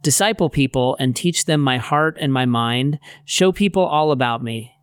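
A man voicing Jesus as a gentle, patient teacher in relaxed, modern phrasing. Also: mid-range voice, moderate pace, clean tone, no echo, close to an everyday voice. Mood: earnest.

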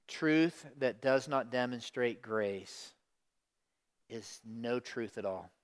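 Middle-aged pastor preaching with smooth clarity. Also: male voice, mid-range voice, slow pace. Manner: dynamic preaching, swings from hushed to loud emphasis. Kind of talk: sermon.

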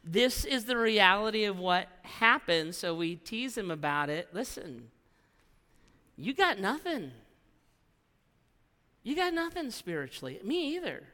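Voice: medium pitch, sing-song, a little slow, pauses often, bright, forceful tone, long reverb tail. A pastor preaching a sermon, telling a story with repeated phrases and frequent "right?" tags.

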